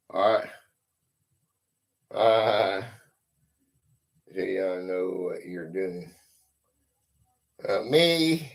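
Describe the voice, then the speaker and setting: A man's voice: low voice, very slow, vocal fry, pauses often. A man hosting a casual livestream quiz, greeting viewers by name and reading questions aloud. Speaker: livestream host running a quiz. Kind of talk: casual live-stream chat.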